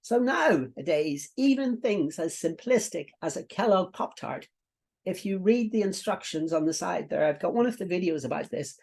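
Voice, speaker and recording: This middle-aged man's voice sits high and is expressive, creaky, and slightly mellow, moving at normal speed. A business coach, he guides viewers through a lesson in a conversational, teaching style, repeating himself and scattering fillers and asides throughout.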